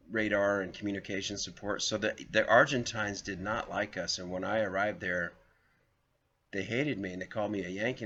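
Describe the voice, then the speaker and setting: A man in his fifties reads an article aloud and keeps wandering into rambling anecdotes, chuckling as he goes. His voice sits a little low but has a bright, forceful edge. The recording is dull and lo-fi. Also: slight background noise. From Southern United States. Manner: chuckles often, rambling storyteller. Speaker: video host. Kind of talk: reading an article aloud with personal digressions.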